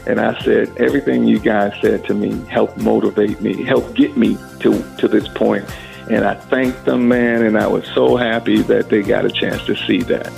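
A middle-aged man, a singer, telling an animated story in an interview and acting out the voices of the people in it. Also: on the low side, normal speed, vocal fry, faint music behind. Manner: animated storyteller who acts out quoted voices. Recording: phone-like narrow audio.

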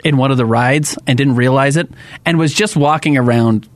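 A man's voice: medium pitch, normal speed, no echo. A man co-hosting a sports radio show, bantering casually with emphatic, joking asides.

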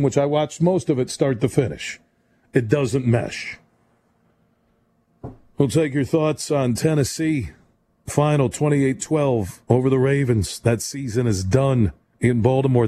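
Male sports radio host, mellow voice, fast-talking, opinionated. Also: mid-range voice. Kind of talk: late-night sports call-in show. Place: radio studio.

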